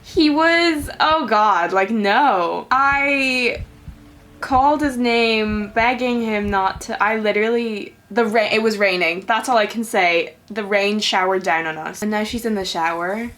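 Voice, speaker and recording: A woman's voice: mid-range voice, a little slow, fairly bright tone. A woman reading a werewolf romance aloud, breaking off to joke, giggle and swear about it. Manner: giggly, exaggerated, swears often. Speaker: story reader. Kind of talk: casual read-aloud with joking commentary.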